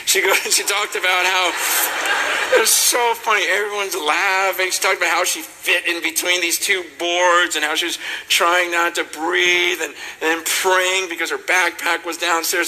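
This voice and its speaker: A man from the United States preaches in a storytelling sermon. His voice sits fairly high and rings with a sharp, bright edge. He acts out the people he quotes and fills the gaps with casual asides. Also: steady tone, normal speed, rough recording.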